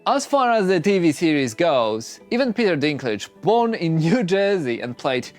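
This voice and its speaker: A man giving scripted explainer narration in a lively, explanatory manner. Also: fairly high pitch, normal speed, faint music behind. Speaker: video narrator.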